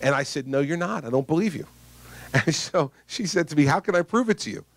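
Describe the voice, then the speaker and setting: A male politician delivering a campaign stump speech, mixing anecdotes with punchy points. His voice sits a little higher than most men's, and the sound is close and dry with no room echo. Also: lively intonation, brisk. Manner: conversational, emphatic storytelling. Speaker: politician addressing voters.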